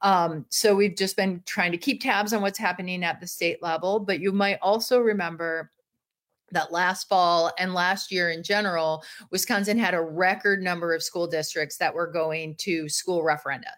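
Earnest woman guest, lowish voice. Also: steady tone, moderate pace, a bit bright. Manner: earnest, explanatory, uses fillers. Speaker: guest, education advocate. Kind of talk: interview answer.

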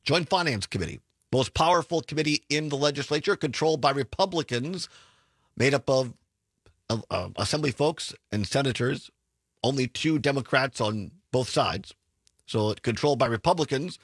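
A man's voice: medium pitch, moderate pace, slightly rough, dry recording. A man, hosting a political talk radio show in a studio, chatty and sarcastic as he tells stories. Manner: chatty, sarcastic, animated storytelling.

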